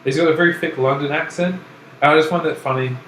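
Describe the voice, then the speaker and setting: A man's voice: a little high, steady tone, fast talker, a bit bright. A man from Canada co-hosting a casual chat, laughing often and rambling through restarts. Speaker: podcast co-host. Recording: roomy echo, faint background noise.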